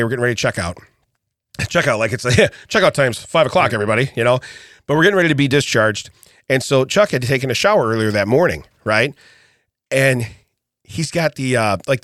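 Middle-aged male podcast co-host, lively pitch, chuckling raconteur, dry booth sound. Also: no room sound. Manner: animated storyteller, laughs often, acts out quotes. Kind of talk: casual storytelling chat.

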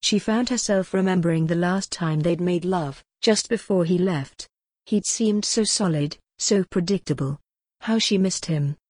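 A woman narrating a gothic novel in a measured, even way. Her voice sits low for a woman. The sound is dry and close, with no room echo. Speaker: audiobook narrator.

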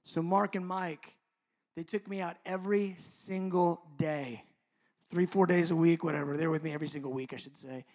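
High-voiced pastor preaching with fervor. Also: male voice, steady tone. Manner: swings from loud emphatic preaching to hushed near-whispers; slow, drawn-out stresses on key words. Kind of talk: sermon.

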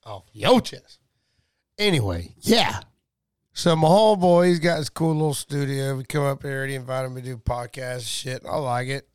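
A man's voice: mid-range voice, normal speed, smooth, no echo. A man rambling crudely and joking as a podcast guest, drinking during a casual chat in a small home studio. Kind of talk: casual drunken banter.

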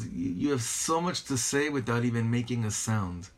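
A man teaching a Hasidic text in a study class. He reads each Hebrew line slowly, then translates it and marvels at it aloud. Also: mid-range voice, expressive.

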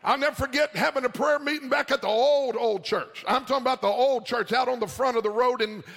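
A male pastor preaching a sermon, shouting in a sing-song cadence and calling out questions to the congregation. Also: extremely high pitch, fairly quick, vocal fry. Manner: call-and-response questions to the congregation. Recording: reverberant hall with music behind.

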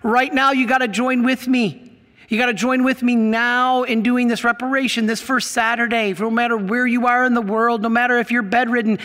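A man's voice: extremely high pitch, little pitch movement, moderate pace, pushed and bright, in a large hall. A middle-aged man preaching a sermon to a congregation, emphatic and asking them questions. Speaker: priest. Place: church.

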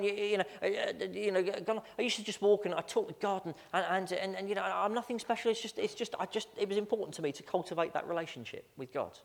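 A man preaching a storytelling sermon as pastor, chatty and self-mocking, often stammering out repeated words. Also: on the high side. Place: church sanctuary. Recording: long church-hall reverb.

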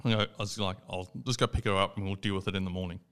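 A young Australian man with a lowish, smooth, clear voice tells a story on a casual podcast. He talks in an animated way and acts out each quoted line. He swears easily. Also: racing. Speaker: podcast co-host. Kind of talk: casual chat.

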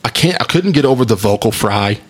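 A man's voice: mid-range voice, animated, a little fast, a little hiss or hum. A man co-hosting a podcast in casual chat, rambling and opinionated, laughing often. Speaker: podcast co-host.

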